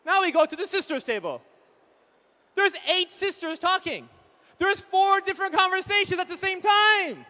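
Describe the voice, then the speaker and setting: Man, 30s, very high voice, bright, animated stand-up comic, live hall reverb. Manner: animated, acts out quick voices of husbands and wives. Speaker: comedian speaker at an event. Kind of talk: stand-up comedy talk. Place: large hall with an audience.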